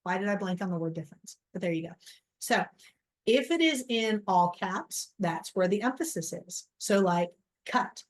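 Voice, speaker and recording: A woman's voice: mid-range voice, animated, normal speed. A middle-aged woman teaching a recorded college lecture over slides, casual and self-deprecating. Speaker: college biology instructor.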